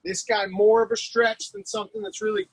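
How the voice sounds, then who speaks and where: A man's voice: very high voice, very animated, fairly quick, vocal fry, slight background noise, low-quality recording. A man coaching a live-streamed workout class, calling out exercises, cues and countdowns with lots of energy. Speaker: fitness coach.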